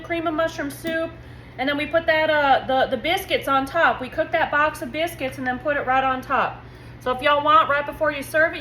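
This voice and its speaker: A woman hosts a home cooking video. She chats in a folksy, friendly way straight to her viewers, and her voice sits high. Her kitchen sounds echoey, with faint room noise behind her. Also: a bit bright. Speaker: home cooking channel host. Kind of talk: casual cooking demo chat.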